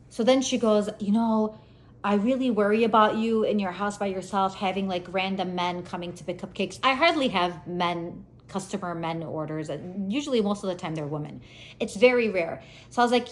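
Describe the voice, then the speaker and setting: A woman in her thirties chatting casually to her viewers, telling funny family stories with lively, laughing delivery. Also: medium pitch, a little fast. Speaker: vlogger. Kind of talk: casual storytelling chat.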